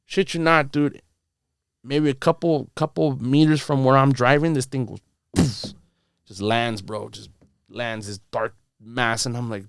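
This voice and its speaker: Dude telling a wild story on a podcast, cusses constantly, smooth clean voice, dry studio sound. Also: male voice, medium pitch, steady tone, a little slow, dry recording. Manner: rambling, profane, says bro and dude a lot. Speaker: podcast guest. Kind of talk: casual storytelling.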